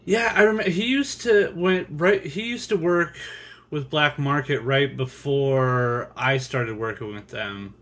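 A man's voice: on the high side, measured pace, a bit bright. A man hosting a casual podcast, asking rambling, curious questions with some mild swearing. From United States. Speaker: podcast host.

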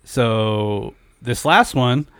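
A young man with a naturally nasal voice, made thicker by a blocked nose, hosts a podcast in loose conversation. He rambles, swears freely and leans on fillers. The sound is close and dry, with a mid-range pitch. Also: lively intonation, very slow, fairly bright tone, clear, resonant tone, no room sound. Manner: rambling, profane, many fillers. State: stuffed-up nose from a head cold. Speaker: podcast host. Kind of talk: casual podcast chat.

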